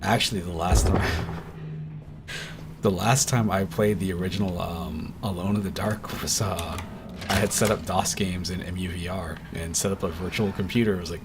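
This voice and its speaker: A man's voice: low-pitched, fairly even intonation, normal speed, vocal fry, noisy background. A man streaming games from home, chatting casually and rambling with lots of fillers and restarts. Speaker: game streamer. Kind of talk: casual streaming chat while playing.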